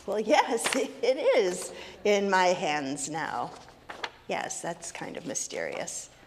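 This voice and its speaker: Woman, playful children's message, slow sing-song delivery, long hall reverb, faint background noise. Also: on the low side, sing-song. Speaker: minister leading a children's story time. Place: sanctuary of a congregation.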